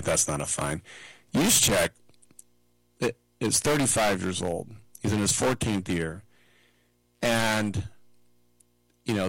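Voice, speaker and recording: Middle-aged man, sports radio host, chatty and digressive, fry in a lowish voice. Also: dry recording, low-quality recording. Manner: chatty, digressive, mimics people in quick asides. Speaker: sports talk show host. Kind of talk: casual sports commentary monologue.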